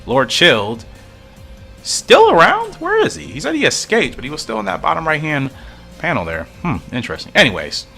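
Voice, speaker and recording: A man reads a fan comic aloud and talks through it, musing and puzzling as he goes. His pitch swings widely from phrase to phrase. Soft music plays in the background. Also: wildly swooping pitch, normal speed, vocal fry, slightly rough. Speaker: comic reader and reactor.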